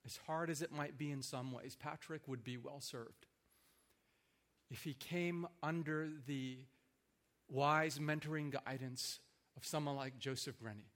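A man preaching a sermon in an earnest, reflective way, building in force and then softening. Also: fairly high pitch, steady tone, a little slow.

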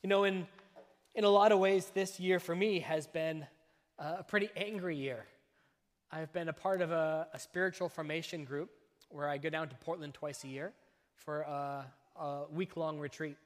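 A somewhat high-voiced male pastor delivers a sermon in slow, weighted phrases, pausing between each point for emphasis. His voice rings through a church hall with a long, lingering reverb. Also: steady tone.

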